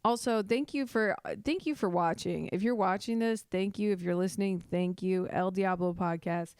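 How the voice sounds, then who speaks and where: A woman's voice: mid-range voice, moderate pace, darkish tone, clean tone, no room sound, clean studio sound. A young adult woman hosting a casual comedy podcast, rambling, giggling and mocking herself as she talks. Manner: giggly, self-deprecating, rambling with restarts. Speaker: podcast host.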